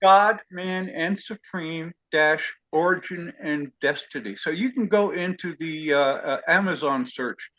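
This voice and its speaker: Man class leader on a video call: upbeat, bright tone, careful with details. Muffled call audio. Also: a little high. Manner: eager, effusive, spells things out slowly. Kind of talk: hosting an online study class.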